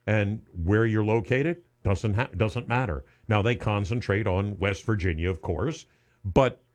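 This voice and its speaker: Male radio host, lowish voice, earnest, stumbles and repeats words, studio mic. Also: a little mellow. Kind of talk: charity radiothon talk.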